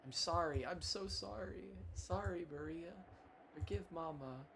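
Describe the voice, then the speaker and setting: A man's voice: fairly high pitch, measured pace, creaky, noisy background, voice pushed up. Man doing a pleading, tearful young mother. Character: anguished young mother begging forgiveness.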